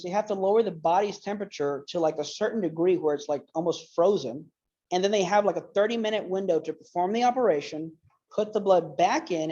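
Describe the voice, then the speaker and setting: A man talks through a casual lecture in an earnest, rambling way, leaning on fillers and restarts. His voice sits low and mellow in tone. The recording is dull and lo-fi. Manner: emotional retelling. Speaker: apologetics speaker.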